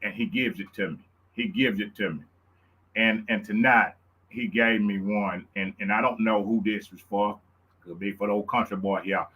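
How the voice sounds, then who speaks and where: Louisiana country guy hosting his live show, husky voice, all fired up like a preacher. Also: steady tone, normal speed, a bit bright. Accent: Louisiana Southern. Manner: hyped, preacherly, repeats himself, high whoops. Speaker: show host. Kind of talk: excited live-stream talk.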